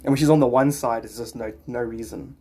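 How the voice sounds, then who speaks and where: A man's voice: medium pitch, steady tone, fairly quick, creaky, warm tone. A man livestreaming casually, chatting in a rambling way and greeting viewers by name.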